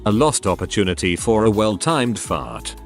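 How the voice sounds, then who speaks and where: A man reads out anecdotes as a scripted narrator, his voice sitting low and moving a lot in pitch. Faint music plays behind him. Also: big pitch swings, normal speed. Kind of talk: scripted narration of online stories.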